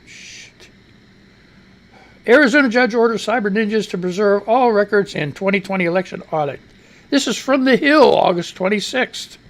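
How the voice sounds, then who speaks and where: Profane rambling American radio host. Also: male voice, high voice, animated, fairly quick. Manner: profane, rambling, talks to himself. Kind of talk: casual live-stream news commentary.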